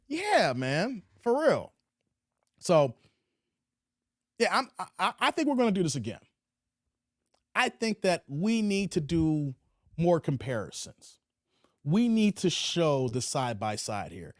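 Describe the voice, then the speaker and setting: A man's voice: on the high side, big pitch swings, takes it slowly, pauses often, dry recording, clean studio sound. A man hosting a livestream commentary, preachy and repetitive, often tacking "man" onto his lines. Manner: preachy, repeats phrases, drawls "man". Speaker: commentary channel host.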